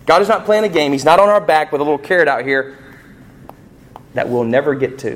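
A middle-aged man preaching a sermon, asking the congregation rhetorical questions and rising sharply in pitch and volume on emphatic points. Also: a little fast, slight background noise. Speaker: pastor.

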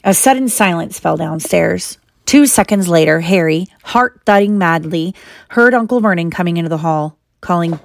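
A woman reads a storybook chapter aloud to her child, her voice sitting low for a woman and steady in pace. The sound is close and dry, with no room around it. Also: normal speed, creaky, no echo. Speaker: mother reading to her child.

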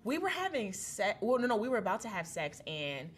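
A young adult woman telling her personal testimony as a guest in a casual, animated way, often laughing and acting out voices. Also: mid-range voice, a little fast, breathy edge. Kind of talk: casual storytelling.

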